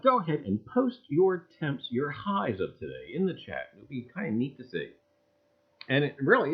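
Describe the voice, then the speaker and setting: A man hosting a casual livestream, loudly greeting viewers in a sing-song voice and muttering low asides, with "I tell you what" as a catchphrase. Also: husky. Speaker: livestream host. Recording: dull, lo-fi livestream audio.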